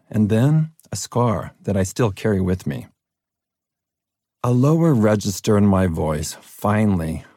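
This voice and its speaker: A middle-aged man from California narrating his own audiobook in an earnest, personal way, his deep voice cracking at times. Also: warm tone, no room sound, clean studio sound. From Fresno, California. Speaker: author reading his own book.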